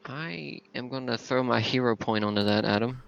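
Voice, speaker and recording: A man's voice: mid-range voice, moderate pace, gravelly, a little hiss or hum. A man playing a tabletop game, speaking bluntly in and out of character. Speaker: player. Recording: slightly muffled, dry audio.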